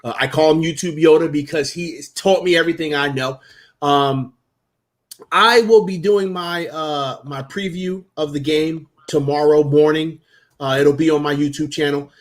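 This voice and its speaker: Joking man from New Jersey, fairly high voice. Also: normal speed. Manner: relaxed, joking trash talk with restarts. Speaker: guest sports streamer. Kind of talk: casual sports talk.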